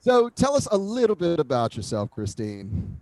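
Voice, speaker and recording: Speaking at normal speed in a slightly high voice with no echo, a podcast host from Philadelphia leads a casual chat interview. He jokes around, stays animated, and laughs a lot.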